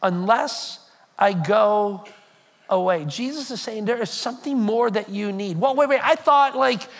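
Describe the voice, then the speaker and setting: A male pastor preaching a sermon to a congregation, animated and conversational, with frequent repetitions. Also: high-pitched, measured pace. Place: church hall before a congregation.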